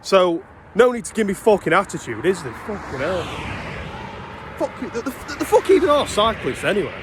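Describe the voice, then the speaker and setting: A man's voice: high voice, big pitch swings, normal speed, noisy background. A British man in his twenties, ranting and swearing as he tells stories while walking down a street. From Britain. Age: 20s. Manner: swearing, exasperated storytelling. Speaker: vlogger. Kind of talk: casual ranting vlog. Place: outdoors walking along a street.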